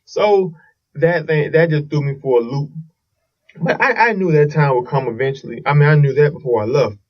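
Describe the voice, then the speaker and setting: Guy rambling thru a story on his podcast, bit high voice, kinda muffled lo-fi. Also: moderate pace, far from the mic. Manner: rambling storytelling with restarts and swearing. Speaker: podcast host. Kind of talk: casual solo podcast monologue.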